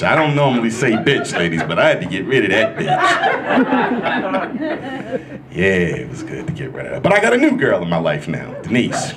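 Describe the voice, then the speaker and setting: New guy doing crude standup in a club, lowish voice that jumps all over, noisy live recording. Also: normal speed. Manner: loud, crude, animated storytelling with crowd work. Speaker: stand-up comedian. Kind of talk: stand-up comedy set. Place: comedy club stage.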